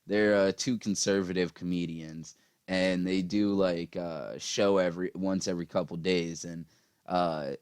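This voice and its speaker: A man's voice: low voice, steady tone, a little slow, a little mellow, smooth, dry recording, studio quality. A man ranting casually about politics, profane and rambling with lots of fillers, tired after a long day. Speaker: political commentary vlogger.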